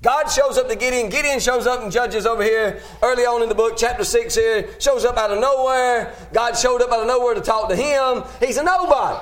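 A man preaching a sermon in a folksy, plain-spoken way, rising to emphatic shouts and punctuating his points with amen. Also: very high voice, fairly quick, hardly any pauses.

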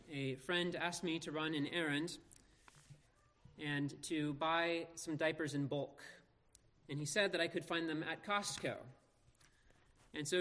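Earnest preacher in a reverberant hall. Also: male voice, on the high side, a bit bright. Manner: earnest, measured preaching with slow emphatic pauses. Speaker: pastor. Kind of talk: scripture reading and sermon. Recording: long reverb of a large hall.

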